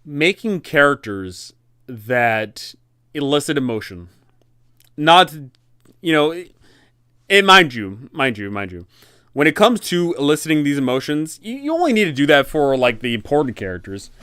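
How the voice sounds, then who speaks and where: Animated man with a smooth clear voice. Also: on the high side, normal speed, no echo, studio quality. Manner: animated, rambling, frequent self-corrections. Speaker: dungeon master and channel host. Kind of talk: casual advice talk.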